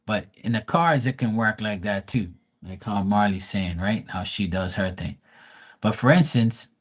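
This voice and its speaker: A man's voice: on the low side, breathy edge. A man hosting a live tarot and mediumship stream, speaking bluntly and profanely, rambling with frequent restarts. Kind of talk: casual live stream talk.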